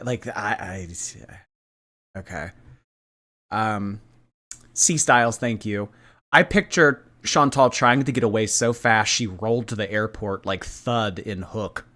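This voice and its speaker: A man hosting a reaction commentary, sarcastic and quick to laugh. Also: on the low side. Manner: sarcastic, animated, laughing asides. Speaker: commentary host.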